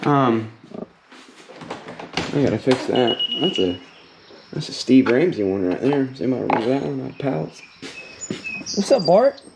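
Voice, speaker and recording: A man's voice: mid-range voice, normal speed, gravelly, pauses often. A man, rambling casually about his backyard project and joking as he goes. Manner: rambling and joking, given to side rants. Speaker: DIY maker vlogger. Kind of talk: casual workshop chat. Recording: outdoor ambience with noise.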